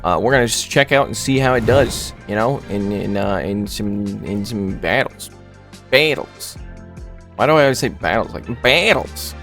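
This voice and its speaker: A man talking through his gameplay in a loose, rambling way, stopping often on filler words and tossing in jokes. His voice sits at an ordinary middle pitch for a man. Faint music plays underneath. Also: fairly bright tone. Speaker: gaming YouTuber. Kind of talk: casual gameplay commentary.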